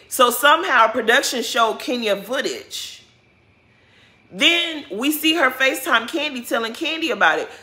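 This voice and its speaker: A woman vlogger talks with a bright, cutting edge. She delivers outspoken, casual commentary, calls people out directly and curses without hesitation. Her points come back again and again with emphatic repetition. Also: mid-range voice. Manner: blunt, outspoken, swears freely. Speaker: reality TV recap vlogger.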